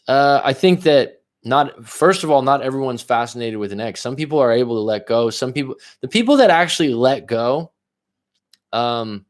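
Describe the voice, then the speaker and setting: A man coaching viewers on a livestream, reading their comments aloud and answering them bluntly, with frequent swearing. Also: medium pitch. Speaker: relationship coach.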